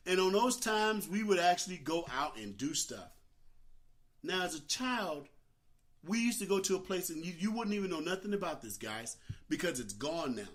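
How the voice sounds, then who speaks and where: An older man hosting a talk show, telling a childhood story with dramatic, animated delivery. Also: high-pitched. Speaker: host.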